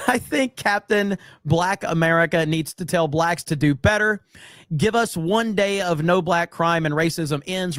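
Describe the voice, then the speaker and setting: A man talks on his own live-streamed show, his voice sitting a little above the usual male pitch. He reads viewers' chat aloud with blunt, profane sarcasm and trips over frequent restarts. The sound is dry and close, with no room around it. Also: fairly bright tone, no room sound. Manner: sarcastic mock-earnest delivery, blunt and profane. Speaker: livestream podcast host.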